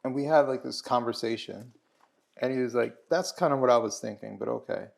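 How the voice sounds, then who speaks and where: A male host talking casually over a meal, his mid-range voice roughened by fry. He speaks haltingly, with restarts and fillers as he works through his thoughts. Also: medium pitch, a little mellow.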